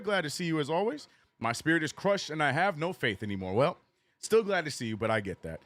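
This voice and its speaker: A man streaming a live basketball watch-along, calling plays and reading chat with animated, joking frustration. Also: medium pitch, fast, no echo. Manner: animated, joking, reads chat messages aloud; frustrated fan venting and cursing.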